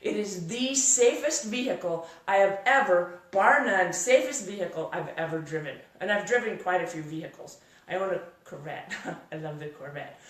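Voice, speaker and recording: A woman giving a workshop talk to a live audience, telling a story in a lively, exclamatory way. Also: medium pitch. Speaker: workshop speaker. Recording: echoey room, voice from far off.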